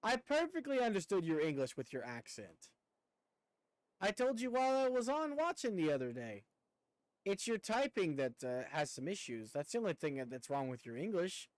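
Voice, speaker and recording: A man's voice: sits high, very animated, moderate pace, dry recording, rough recording. Chatty young man with a country twang. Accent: rural American Southern twang. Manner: rambling, talkative, casual swearing. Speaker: streamer. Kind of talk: casual chat with viewers while gaming.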